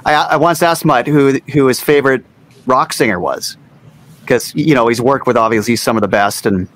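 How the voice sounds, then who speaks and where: A man's voice: medium pitch, moderate pace, fairly bright tone. A man co-hosting a casual music chat, easygoing and telling anecdotes.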